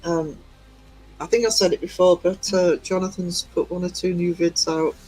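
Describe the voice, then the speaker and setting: A man's voice: high-pitched, flat delivery, moderate pace, darkish tone, husky, rough recording. A man hosting a livestream, giggling as he reads out chat messages. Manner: giggly, reading chat aloud. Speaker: livestream host. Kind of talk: casual live-stream chat. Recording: faint music behind.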